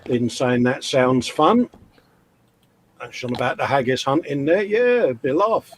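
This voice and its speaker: Co-host, easygoing banter, mid-pitched voice. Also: male voice, animated, measured pace, slight background noise, rough recording. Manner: chatty, laughing along. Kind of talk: casual chat over gameplay.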